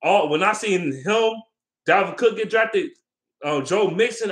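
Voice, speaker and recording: A man whose voice sits high, with lively intonation, speaks at a measured pace during a casual sports rant on his vlog. He's angry and foul-mouthed, repeats himself, and responds to questions from viewers.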